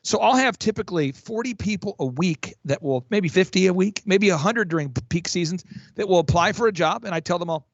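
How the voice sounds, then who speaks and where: A man working as a business coach, talking in an energetic, emphatic way with frequent restarts on a podcast. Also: sits high, brisk, no echo, lo-fi sound. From Oklahoma. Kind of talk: fast promotional podcast talk.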